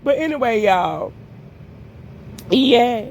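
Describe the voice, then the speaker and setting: A woman telling a casual storytime vlog while walking, animated and profane, often calling her viewers "y'all". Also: fairly high pitch, drawn-out words, vocal fry, a little hiss or hum. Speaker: storytime vlogger.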